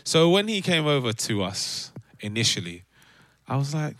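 A man, a podcast co-host telling a lively story in casual chat and acting out other people's voices. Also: medium pitch, moderate pace. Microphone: remote call from home.

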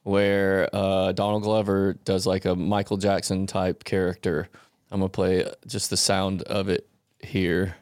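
Low-voiced joking podcast man. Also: monotone, a little slow, darkish tone, clear, resonant tone, no room sound, clean studio sound. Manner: jokey, drops in short quips and bits. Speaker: podcast co-host. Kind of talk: casual comedic chat.

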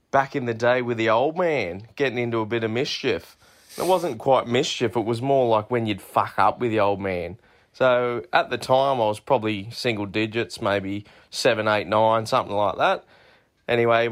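A man's voice: mid-range voice, a bit bright. Crude, yarn-spinning Australian man. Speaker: caller. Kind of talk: recorded voicemail storytelling.

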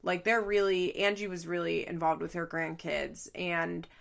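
Gravelly-voiced woman in casual recap chat. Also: fairly low pitch, little pitch movement, moderate pace, fairly bright tone. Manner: chatty, swears freely, laughs often, says "like" a lot. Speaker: reality TV recapper.

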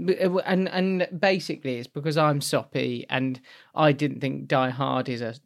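An eager man talks about films with a friend on a podcast. His pitch is moderate, and he talks in quick bursts that he keeps correcting. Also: steady tone, vocal fry. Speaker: podcast co-host. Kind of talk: casual film review chat.

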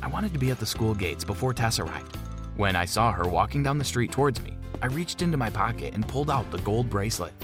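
A man narrating a first-person story in a measured, plain storytelling manner. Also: mid-range voice, expressive. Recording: music bed underneath.

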